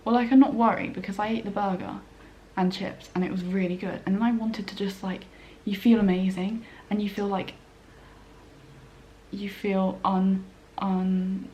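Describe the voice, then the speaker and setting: A young woman vlogger sits at her dining room table at home, chatting casually in a mid-range, warm voice with a flat delivery at a moderate pace. There's a little hiss or hum. She rambles, says "like" constantly and acts out her own inner thoughts.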